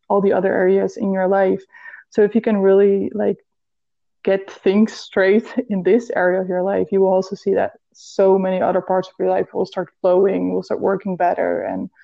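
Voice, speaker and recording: A woman's voice: medium pitch, vocal fry, warm tone, lo-fi sound. A woman with a Dutch accent, a health and fitness coach, speaking earnestly in a podcast interview and now and then searching for an English word.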